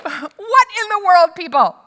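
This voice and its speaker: Woman putting on a fed-up, scolding grown man, high, loud, incredulous, hall reverb. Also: very animated, measured pace, heavily acted. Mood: exasperated. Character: exasperated adult male teacher losing patience.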